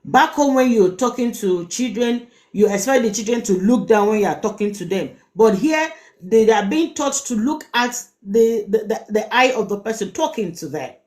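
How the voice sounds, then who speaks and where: A woman's voice: a little high, lively intonation, normal speed, darkish tone. A middle-aged woman with a Nigerian accent, hosting a live-stream relationship advice talk; she speaks emphatically, repeats words and asks rhetorical questions. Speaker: host giving relationship advice.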